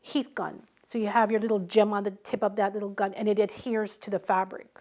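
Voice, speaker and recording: Animated middle-aged woman telling stories. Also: medium pitch, fairly quick. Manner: animated, acts out quoted dialogue. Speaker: interviewee, small business owner. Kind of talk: conversational storytelling interview.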